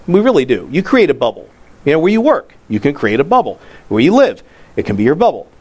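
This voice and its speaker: A male pastor preaching a casual, story-driven sermon, acting out the people he quotes, his voice leaping up and then dropping low. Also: fast, breathy edge. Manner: animated storytelling, voice jumping high and dropping low.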